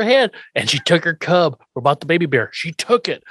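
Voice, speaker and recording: Animated, profane man recapping a show. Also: on the high side, fairly quick, slightly rough, no echo, studio quality. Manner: animated, profane, acts out characters' lines. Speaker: podcast co-host. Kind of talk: casual recap chat.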